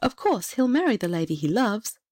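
Lady doing a fussy worried storybook queen, high and breathless, dry close sound. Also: sing-song, moderate pace, a little mellow, no echo. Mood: timid. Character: anxious fretful young queen mother.

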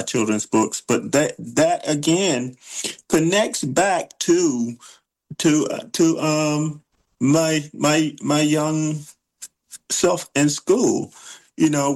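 A middle-aged illustrator of children's books, answering interview questions in a halting way with many fillers and restarts. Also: male voice, a little high, gravelly, poor audio.

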